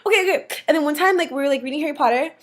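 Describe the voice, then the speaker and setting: Young woman, high voice, rambling sibling memories, giggly, filler-heavy, casual recorded message. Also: racing. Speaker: sibling giving a graduation message.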